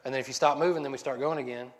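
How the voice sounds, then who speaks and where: A man's voice: mid-range voice, steady tone, rapid-fire, slight background noise. A man preaching a casual sermon, rambling and joking, often breaking off mid-sentence. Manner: rambling, self-interrupting, joking. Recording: long hall reverb.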